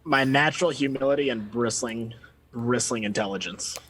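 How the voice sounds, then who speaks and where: A man's voice: medium pitch, normal speed, a bit bright, breathy edge, poor audio. A man playing a tabletop game, joking in a mock-boastful way. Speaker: player. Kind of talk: tabletop role-play chat.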